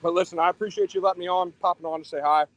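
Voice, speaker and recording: A man's voice: high voice, fairly even intonation, rapid-fire, a bit bright, no room sound. A laid-back man chatting casually on a live show from a pizza shop, rambling and chuckling as he talks. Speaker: show regular joining from a pizza place.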